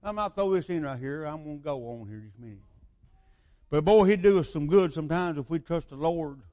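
A man's voice: on the high side, expressive, a little fast, dark tone. An older man preaching a sermon, rambling through stories and asking his listeners rhetorical questions.

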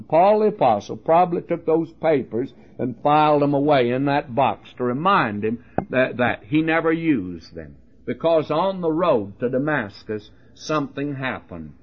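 An older man preaching on the radio, telling homely stories in a folksy way, pausing often with "uh". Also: mid-range voice, highs cut off. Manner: folksy storytelling with frequent "uh" pauses. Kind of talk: radio sermon.

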